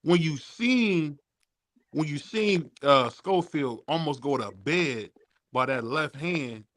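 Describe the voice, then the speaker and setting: A man hosts a casual boxing talk show, talking in animated slang and slipping in ad plugs. His voice sits a little high. The sound is dry and close. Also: takes it slowly, no echo. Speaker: host.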